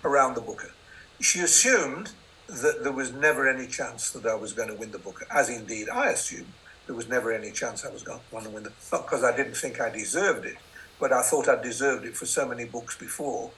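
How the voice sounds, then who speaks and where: A man's voice: medium pitch, brisk, sharp tone, a little hiss or hum, low-quality recording. An older man, a novelist, telling wry, self-deprecating anecdotes in an interview. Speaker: novelist guest. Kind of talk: interview storytelling.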